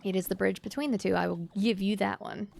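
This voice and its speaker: Gravelly-voiced woman streamer chatting. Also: medium pitch, steady tone, fast talker, darkish tone. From Louisiana. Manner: chatty, musing, reading chat aloud. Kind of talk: casual chat while streaming a game.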